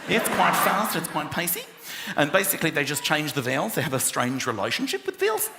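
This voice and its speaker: Brief: lively high-pitched male comic, exasperated storytelling, roomy hall, heavy crowd laughter. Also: quick pace, gravelly. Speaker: stand-up comedian. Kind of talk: stand-up routine. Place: large theatre stage. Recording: live theatre with roaring crowd.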